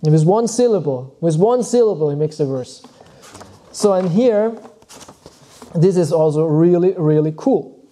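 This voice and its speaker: A man giving a devotional lecture, reading verses and explaining them in an unhurried way with frequent pauses. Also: a little high, animated, warm tone. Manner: unhurried, thoughtful, often pauses with "uh" and restarts words. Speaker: spiritual teacher.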